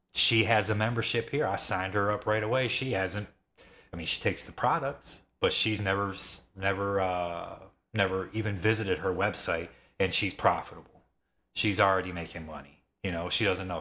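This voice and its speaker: A man in his thirties making an excited, repetitive sales pitch, getting worked up as he talks. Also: normal speed. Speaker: affiliate marketer. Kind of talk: excited sales pitch, self-described rant.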